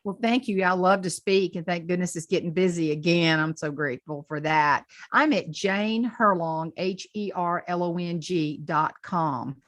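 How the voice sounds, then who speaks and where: A Southern woman from the South Carolina Lowcountry, a humorist and speaker, telling folksy stories in an interview and laughing often. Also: normal speed, few pauses, fairly bright tone, no echo, clean studio sound. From Southern United States. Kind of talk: storytelling interview chat.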